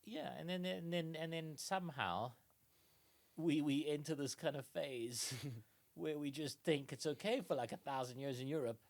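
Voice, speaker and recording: A man's voice: a little high, normal speed, creaky. A man co-hosting a comedy trivia podcast, rambling with many fillers and laughing often. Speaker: podcast co-host. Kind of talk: casual comedic chat.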